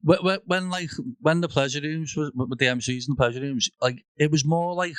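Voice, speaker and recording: A man's voice: a little high, brisk, a bit bright, smooth. A man hosting a casual podcast, giving short agreeing replies and laughing along with his guest. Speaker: podcast host.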